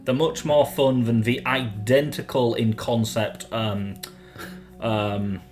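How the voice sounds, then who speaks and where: With a faint music bed in the background, a British co-host jokes and riffs through casual podcast banter, laughing often. He speaks slowly in a mid-range voice with a darkish tone and fairly even intonation.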